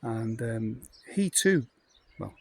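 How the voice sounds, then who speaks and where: A North Welsh man in his late fifties tells stories in a loose, meandering way, full of ums and asides. His voice sits at an ordinary middle pitch. The recording carries a clear layer of noise with birdsong behind him. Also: animated, slow, darkish tone. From North Wales. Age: 50s. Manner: rambling, chatty, full of fillers. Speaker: vlogger. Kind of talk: casual anecdotal monologue.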